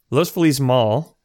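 A man's voice: mid-range voice, a little mellow. Laid-back man summarizing a plot. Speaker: podcast co-host. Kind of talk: casual chat.

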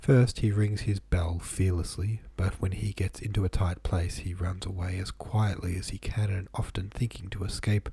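A man hosting a podcast, reading a novel aloud in a calm, measured way, nasal and stuffy from a head cold. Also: low-pitched, gravelly, slightly rough, no echo. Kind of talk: audiobook-style reading.

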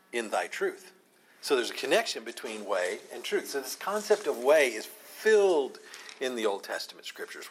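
A man's voice: mid-range voice, a bit bright, a little hiss or hum, rough recording. A man preaching a Sunday morning sermon, teaching in an earnest way and leaning hard on the scripture he quotes. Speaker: pastor.

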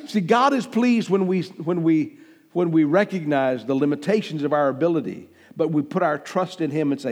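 A man's voice: on the high side, animated, normal speed, long reverb tail. A man pastor preaching a sermon emphatically, swelling and dropping his volume and acting out the lines he quotes.

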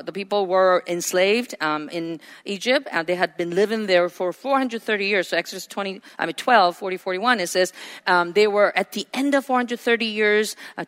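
A woman delivers a sermon in a bright, forward voice, chatty and lively, jumping into playful impressions of the people she quotes. Her voice rings out with a long hall reverb behind it. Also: medium pitch, clear, resonant tone. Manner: conversational, acts out quoted lines with laughs. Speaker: preacher.

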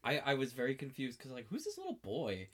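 A man's voice: medium pitch, wildly swooping pitch, fast talker. A man co-hosting a podcast, casually discussing a show and offering thoughtful readings of its symbolism. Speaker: podcast co-host. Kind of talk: casual recap chat.

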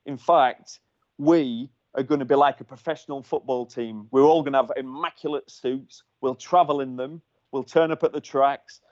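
A man's voice: mid-range voice, fairly even intonation, moderate pace, darkish tone, highs cut off, natural voice. A man doing a foul-mouthed, bossy team manager. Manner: blunt, profane orders.

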